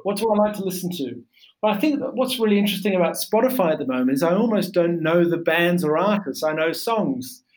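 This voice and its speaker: A man's voice: high-pitched, lively intonation, fast talker, a little mellow, rough recording. A man from Australia, a podcast guest talking casually, with many fillers and restarts. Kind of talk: casual interview chat.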